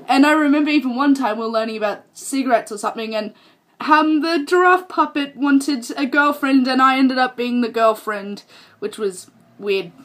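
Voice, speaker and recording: A young Australian woman vlogs casually to camera, rambling and laughing at herself in her Australian accent. Her voice is high and a bit bright, at a normal speed.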